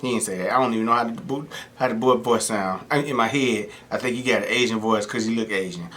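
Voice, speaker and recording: A man's voice: fairly low pitch, fast. A young man chatting casually on his eating show, telling stories and mimicking the people he quotes. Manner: animated storytelling, mimics voices of people he quotes. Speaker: mukbang host. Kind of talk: casual chat while eating.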